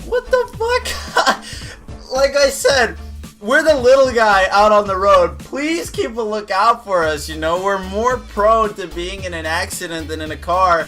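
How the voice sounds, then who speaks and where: A young man casually telling a profane story and acting out the other people in it. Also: high voice. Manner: animated, profane, acts out other drivers. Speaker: gaming video creator.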